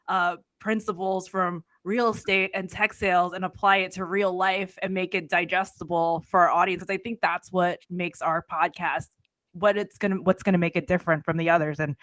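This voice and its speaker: Young female podcast co-host, effusive and chatty, crisp bright tone, dry booth sound. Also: lowish voice, dry recording. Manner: effusive, chatty, quick to laugh. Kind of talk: casual podcast chat.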